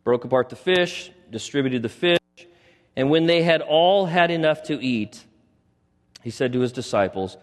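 A man's voice: medium pitch, moderate pace. Preaching man with echoing hall reverb. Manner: animated storytelling, acts out quoted lines. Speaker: pastor. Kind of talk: sermon.

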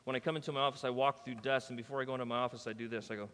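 A man preaching a sermon as pastor, emphatic and conversational, swinging between loud declarations and soft, quiet asides. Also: medium pitch, fairly even intonation, racing, long reverb tail. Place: church.

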